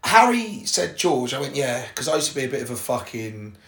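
A man's voice: mid-range voice, sing-song, brisk, a bit bright. A young English man telling personal stories in a casual, rambling way, swearing freely and talking straight to his listeners. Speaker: podcast host.

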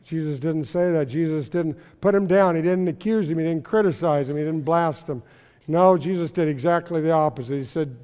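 A man with a high voice preaches in a church sanctuary, his words ringing with long reverb. He tells a story, asks questions of the congregation and answers them himself. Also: a little fast, warm tone, clear, resonant tone. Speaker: pastor. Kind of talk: sermon.

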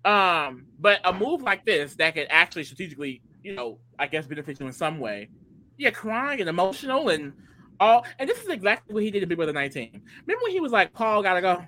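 An animated co-host who swoops up and down in pitch and talks with a bright, forceful edge. This is excitable casual chat about a reality show, full of filler "like"s. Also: fast, low-quality recording. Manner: excitable, animated, fills talk with "like".

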